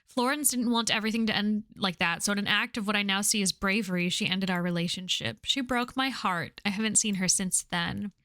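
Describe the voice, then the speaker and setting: A woman reading aloud the lines of a lovesick Victorian gentleman scientist in a game, in her own plain earnest voice. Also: medium pitch, fairly quick, hardly any pauses, dry recording, clean studio sound, natural voice. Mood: wistful.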